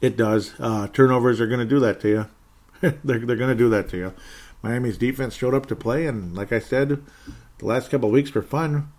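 A man's voice: mid-range voice, normal speed, darkish tone. Sarcastic rambling football podcast man. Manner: sarcastic, rambling, with sighs and chuckles. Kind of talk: casual solo sports recap.

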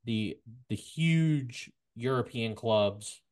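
A man hosting a casual sports podcast, stumbling over repeated words and then rushing ahead in bursts of excitement. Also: mid-range voice. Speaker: podcast host.

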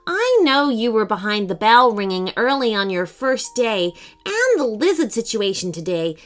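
A woman voicing an eager, curious young schoolgirl who talks in an excited, earnest way. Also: on the high side, moderate pace. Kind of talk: children's storybook reading.

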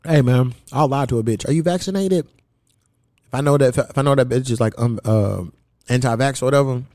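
A young man from hosting a podcast, telling loose, profane stories in casual chat and jumping his pitch high when he quotes someone. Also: a little fast, dark tone, dry recording, clean studio sound. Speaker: podcast host.

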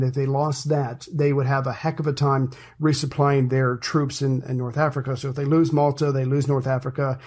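A man's voice: medium pitch, darkish tone. A man co-hosting a casual history podcast, explaining things step by step in a chatty way. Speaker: podcast co-host.

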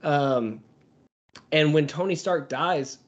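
A man's voice: on the high side, slow pace. Wry, jokey podcast man. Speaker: podcast co-host. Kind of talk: casual chat. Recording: dull lo-fi audio.

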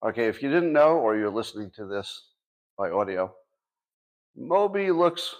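A man's voice: medium pitch, expressive, normal speed. A man in his sixties hosting a casual livestream, talking to his audience with dry sarcastic asides. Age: 60s. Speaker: podcast host.

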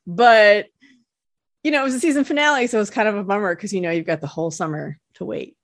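A woman's voice: medium pitch, fast, dry recording, clean studio sound. A woman co-hosting a podcast, in her thirties, talking casually with a rambling, giggly manner. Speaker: podcast co-host. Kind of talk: casual chat. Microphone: studio mic.

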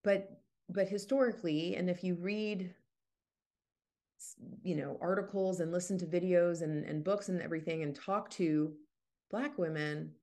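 A woman's voice: lowish voice, fairly even intonation, moderate pace, warm tone. A woman hosting a podcast, talking things through in a thoughtful, unscripted way with frequent restarts. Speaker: podcast host. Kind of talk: casual podcast monologue.

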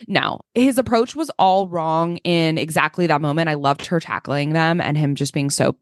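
A woman's voice: lowish voice, brisk, hardly any pauses, no echo, studio quality. A woman co-hosting a podcast in casual chat, saying "like" constantly as she talks. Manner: filler-heavy, says "like" constantly. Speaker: podcast co-host.

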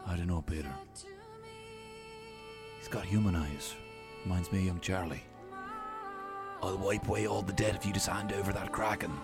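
A man's voice: sits low, steady tone, moderate pace, vocal fry, long pauses, music in the background. A man doing an earnest Irish small-town hero. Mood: solemn. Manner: dramatic movie-trailer delivery. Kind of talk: homemade spoof movie trailer.

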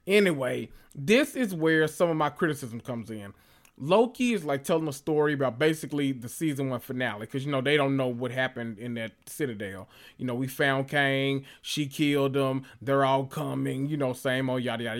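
A man recapping a TV episode in a sassy, animated and profane casual reaction. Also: mid-range voice, normal speed. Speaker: recap vlogger.

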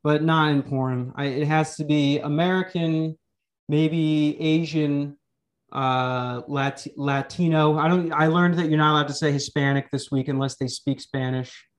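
A man's voice: fairly high pitch, fairly even intonation, unhurried. A man hosting a podcast, chatting casually and crudely, rambling with jokes and restarts. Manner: rambling, joking, frequent restarts. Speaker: podcast host. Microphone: remote call mic.

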